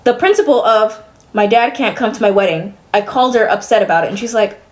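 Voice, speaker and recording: A young adult woman streaming live, venting casually to her chat in an exasperated, profane way that swings between loud disbelief and weary muttering. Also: medium pitch, animated, fast.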